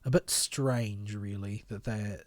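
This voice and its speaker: A man's voice: on the low side, steady tone, slow, no echo. A man co-hosting a long streamed podcast, giving opinionated commentary and rambling until his words trail off, his voice tired. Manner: critical, rambling, trails off quietly. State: voice tiring after long stream. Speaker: podcast co-host.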